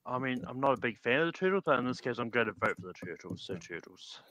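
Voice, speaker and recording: Man, mid pitch, panel member, plain short answers. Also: sing-song, quick pace, a bit bright, slight background noise. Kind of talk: casual panel chat.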